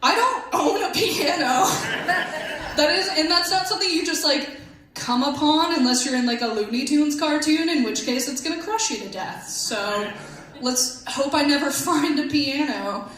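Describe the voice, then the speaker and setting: A woman's voice: high voice, moderate pace. Woman doing stand-up in an echoey club. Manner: deadpan, self-deprecating, chatty with the crowd. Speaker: stand-up comedian. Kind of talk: stand-up comedy set. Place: comedy club stage. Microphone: handheld stage mic. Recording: echoey club room, faint hum.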